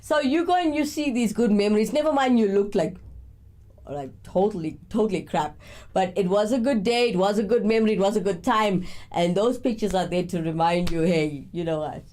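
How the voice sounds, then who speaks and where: A woman's voice: medium pitch, a little fast, a little mellow. A woman hosting a live morning show, talking in a chatty, reflective way with frequent fillers. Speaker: host. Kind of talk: casual morning show chat.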